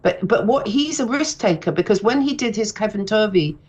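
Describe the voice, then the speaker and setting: A woman's voice: medium pitch, expressive, fairly quick, darkish tone, slightly rough. A woman in her sixties, a comedian and author, chatting on the radio in a rambling, self-deprecating way with many restarts. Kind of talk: casual radio interview.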